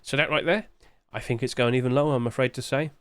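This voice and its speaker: A man's voice: medium pitch, fast, a bit bright, smooth, no room sound. A man who hosts a commentary channel and thinks aloud in a chatty way while talking through sales figures. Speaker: game market analyst. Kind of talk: screen-share commentary.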